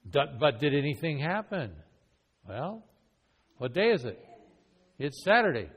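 A man's voice: fairly high pitch, very animated, unhurried, husky. A man leading a church evangelism training class, asking the group question after question in an earnest, conversational way. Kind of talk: classroom teaching with role-play. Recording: long hall reverb.

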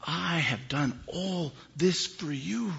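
A man voicing God as tender and pleading, calling out in a high, urgent voice. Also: slow, gravelly, a bit bright, full character voice. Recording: dull lo-fi recording.

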